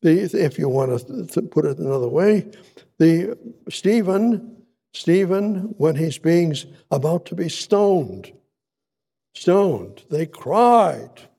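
Slow, husky-voiced male preacher. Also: fairly high pitch, expressive. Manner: deliberate, repeats words for emphasis, swells louder on key words; halting, with frequent restarts and asides. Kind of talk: sermon, reading and expounding scripture.

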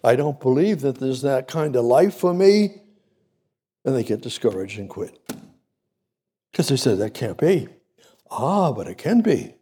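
A man's voice: mid-range voice, sing-song, measured pace, long pauses, warm tone, slightly rough, big-room sound. A man preaching a sermon, reading scripture aloud and repeating key words for emphasis. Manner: repetitive, building emphasis, reads scripture aloud.

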